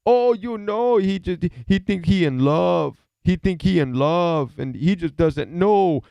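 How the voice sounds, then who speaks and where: A man's voice: high-pitched, lively intonation, takes it slowly, vocal fry, dark tone, smooth, no echo, pitched above the performer's own voice, full character voice. A man putting on a frantic pleading mother. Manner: anxious, pleading, broken grammar. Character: worried mother with an accent, pleading.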